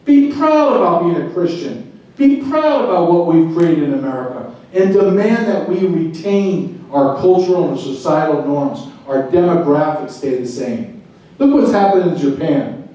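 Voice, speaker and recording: A middle-aged man, a retired border agent, giving a fervent speech to a club, swinging from loud to quiet. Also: on the high side, lively intonation, moderate pace, dull audio. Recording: very echoey room, speaker far from mic.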